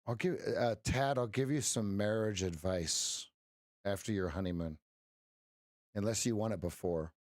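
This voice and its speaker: A man's voice: fairly low pitch, measured pace, a little mellow, no room sound, clean studio sound. A middle-aged man hosting a live trading stream, chatting casually with viewers, joking and giving folksy pep talks. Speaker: livestream trading host. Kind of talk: casual livestream chat with viewers.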